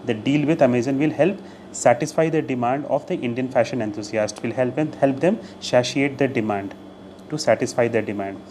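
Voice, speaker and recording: A man at middle pitch teaching English vocabulary in a video lesson. He explains each word patiently, repeating key phrases and adding short Hindi glosses. A faint hiss sits under the recording. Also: brisk, darkish tone.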